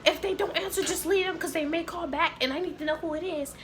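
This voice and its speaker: A woman voicing a hysterical older female manager who accuses and scolds in a shrill, drawn-out way. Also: a little hiss or hum. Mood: frantic.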